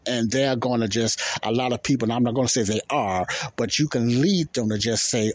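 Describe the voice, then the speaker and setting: Commenting on video clips, this middle-aged podcast host talks loosely, repeats himself, and keeps checking if you understand. He speaks briskly in a mid-range voice with big swings in pitch.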